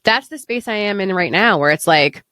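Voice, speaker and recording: A woman's voice: medium pitch, lively intonation, moderate pace, sharp tone, no echo, studio quality. A woman podcast host asking questions in a reflective, hesitant way with many fillers. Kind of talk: interview questions, casual chat.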